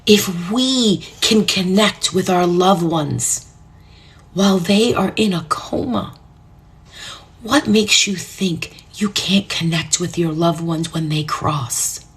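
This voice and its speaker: Middle-aged new woman telling a heavy personal story on a live stream, low voice, earnest, goes soft and whispery sometimes. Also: slow pace. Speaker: numerologist hosting a live stream. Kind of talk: emotional storytelling to live viewers.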